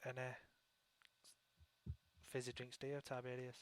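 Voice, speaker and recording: A man's voice: medium pitch, monotone, measured pace, dry recording. A man hosting a casual internet radio chat show, rambling with lots of restarts. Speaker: talk show host.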